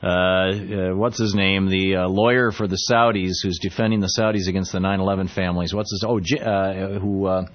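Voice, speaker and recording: Halting, sarcastic male radio host. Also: sits low, flat delivery, muffled recording. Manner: halting, many restarts, sarcastic. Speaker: radio talk show host. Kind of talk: political talk radio monologue.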